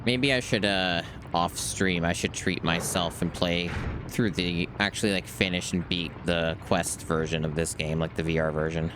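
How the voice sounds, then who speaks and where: A man with a very low voice gives casual gameplay commentary in a dry, self-deprecating tone, cursing freely as he plays. Steady background noise sits under his voice. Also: normal speed. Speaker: streamer.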